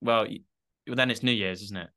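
A man's voice: fairly low pitch, a little fast, bright, forceful tone. A man co-hosting a podcast in casual chat, self-mocking and full of "like" fillers. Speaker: podcast co-host.

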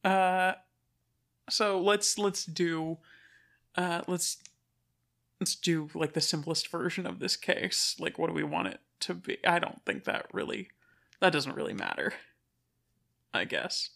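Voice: medium pitch, expressive, unhurried, gravelly, pauses often, a bit bright. A co-host in casual chat, chiming in with short agreements and joking riffs while brainstorming.

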